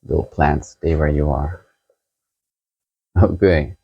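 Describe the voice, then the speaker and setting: A man hosting a book channel, chatting casually as he shows a book set and reviews a novel, unhurried and chuckling as he thinks aloud. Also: rumbling low, steady tone, gravelly, warm tone, slightly rough, muffled recording.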